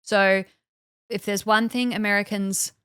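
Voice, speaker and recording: A woman co-hosting a podcast in casual conversation, telling a story with plenty of fillers and quick acted-out quotes. Her voice sits at an ordinary pitch and sounds close and dry, with no room around it. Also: steady tone, fairly bright tone, smooth, no room sound. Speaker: podcast co-host. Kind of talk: casual chat, recounting events.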